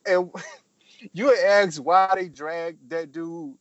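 A man's voice: high voice, slow pace, crowd noise. Rambling profane man recapping a movie. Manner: rambling, profane, acts out scenes in voices. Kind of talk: casual film-review chat. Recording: dull lo-fi recording.

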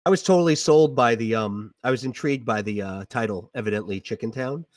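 A man's voice: mid-range voice, a little fast, no echo, recorded from a distance. A middle-aged man, an English teacher, chatting casually about music on a podcast, hesitant with many ums and restarts.

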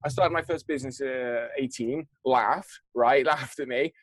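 A man's voice: medium pitch, normal speed, dry recording. A man chatting casually about business, rambling with many restarts and asides. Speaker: entrepreneur guest. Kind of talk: casual chat.

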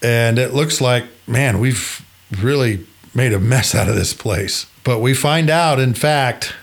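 A man hosts his podcast and tells a story at an easy, conversational clip. His voice sits at an ordinary middle pitch and he talks with lively energy. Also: unhurried, gravelly. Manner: animated, conversational. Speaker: podcast host.

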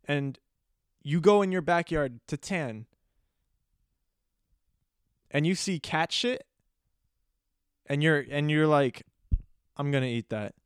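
A young man hosting a podcast, telling a rambling, deadpan, playfully disgusted story in a casual comic monologue. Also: fairly high pitch, clean tone, dry recording, studio quality. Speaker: podcast host.

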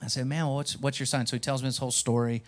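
A young man preaching a sermon as pastor, telling a personal story and acting out dialogue, swinging from quiet asides to loud bursts. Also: mid-range voice, little pitch movement, racing. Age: young adult.

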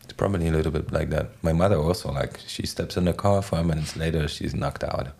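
A man talking as a guest in a casual conversation, with a deep, gravelly voice, rambling in a relaxed way with many "like" fillers. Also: quick pace.

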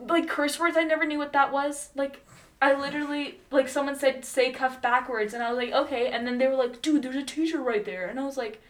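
A woman's voice: sits high, steady tone, fairly quick, far from the mic. A young woman telling stories in casual chat, rambling with many fillers and bursts of laughter.

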